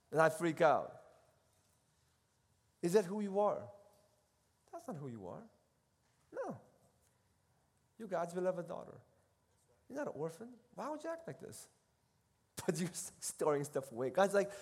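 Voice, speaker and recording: High-pitched guy preaching casually, loud then soft, acting out voices, echoey hall. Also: normal speed, long pauses. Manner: animated, swings between loud and soft, acts out quoted voices. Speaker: speaker at a retreat, seminary professor. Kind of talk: casual sermon talk. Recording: long hall reverb.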